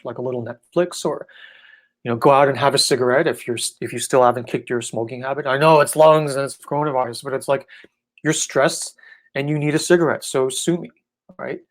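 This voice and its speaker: A man acting as a spiritual teacher in a casual live online Q&A, relaxed and irreverent, often checking in with "right?". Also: medium pitch.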